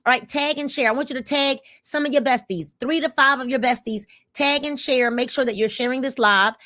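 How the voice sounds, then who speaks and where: Brief: woman, fifties, livestream host, slightly high voice, energetic and repetitive. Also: a little fast, hardly any pauses, no echo, clean studio sound. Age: 50s. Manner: energetic, repetitive calls to comment. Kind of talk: casual livestream talk to viewers.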